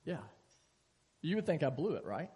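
Pastor preaching, lively storyteller, husky voice, long church reverb. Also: male voice, a little high, moderate pace. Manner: animated storytelling, acting out scripture dialogue. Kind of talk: sermon. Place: church sanctuary.

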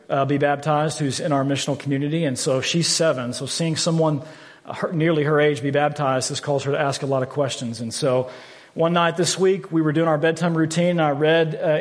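A man in his thirties preaching a sermon, earnest and candid, often repeating words as he stresses a point. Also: fairly high pitch. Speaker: pastor. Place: church sanctuary. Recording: long hall reverb from a church.

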